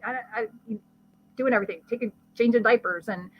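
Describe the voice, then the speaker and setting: A woman, a guest expert, explaining brain science in conversation with a lively teaching manner and vivid everyday examples. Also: on the high side, fairly quick, lo-fi sound. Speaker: guest expert on ADHD and learning.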